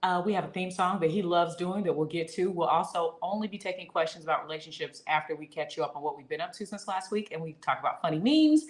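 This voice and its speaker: A woman co-hosting a live-streamed relationship podcast, bubbly and chatty as she reads viewer comments aloud. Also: lowish voice. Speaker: podcast co-host. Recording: echoey room.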